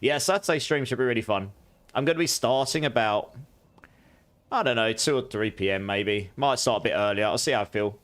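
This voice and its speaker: A young man streaming a game live, chatting casually with viewers while his voice is going a bit hoarse. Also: mid-range voice, fairly quick. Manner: relaxed, chatty, greets viewers warmly, laughs often. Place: home room at his gaming setup.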